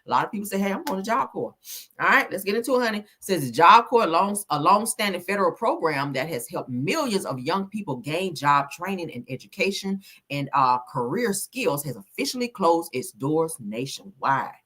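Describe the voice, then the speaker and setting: Husky, animated woman commentator. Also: lowish voice, normal speed, few pauses. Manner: animated, emphatic, swears freely, calls viewers honey and child. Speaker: commentary streamer host. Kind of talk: casual news commentary.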